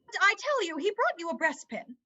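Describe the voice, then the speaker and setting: A woman's voice: extremely high pitch, sing-song, fairly quick, sharp tone, heavily acted. A woman voicing a flustered, fussing mother in an amateur online play reading, evasive and bustling. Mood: coaxing. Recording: dull lo-fi sound.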